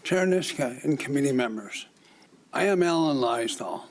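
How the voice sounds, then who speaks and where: A man's voice: medium pitch, expressive, moderate pace, rough recording. An older man from Minnesota, reading prepared public testimony in a declamatory, accusatory way.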